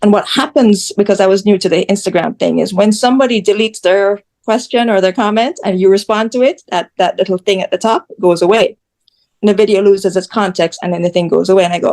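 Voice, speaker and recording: A woman from Jamaica talks as an interview guest, her pitch sitting right in the middle of the usual range. She is frank and outspoken, and she tells her story with lively, animated energy. Her delivery is conversational and unpolished. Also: fast talker. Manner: blunt and candid, animated storytelling. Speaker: interview guest, social media creator.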